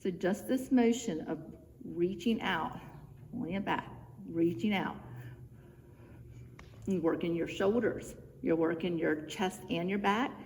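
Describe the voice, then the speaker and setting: A woman's voice: fairly low pitch, measured pace, long pauses, darkish tone. A woman fitness instructor talking viewers through simple home exercises, chatty and encouraging, a bit out of breath from moving along with them. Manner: encouraging, chatty, cueing moves step by step. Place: church room, indoors. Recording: reverberant room with faint background noise.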